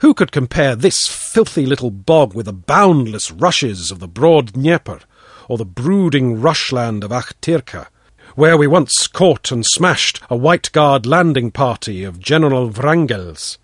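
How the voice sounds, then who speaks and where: A man narrating a first-person story in an expressive storytelling manner. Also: mid-range voice, a little slow, slightly rough, no room sound, clean studio sound. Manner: expressive storytelling, voices the characters.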